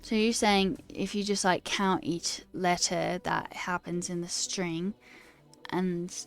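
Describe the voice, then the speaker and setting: A woman's voice: on the low side, flat delivery, takes it slowly, clear, resonant tone, soft background music. An American woman hosting a casual coding livestream, thinking aloud and hesitating and joking at her own expense. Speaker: livestream host.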